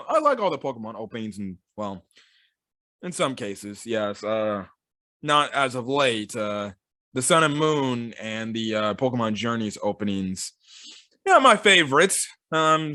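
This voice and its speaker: A man's voice: mid-range voice, pushed and bright, dry recording, studio quality. A man giving a casual, rambling film review, full of fillers and sarcastic asides.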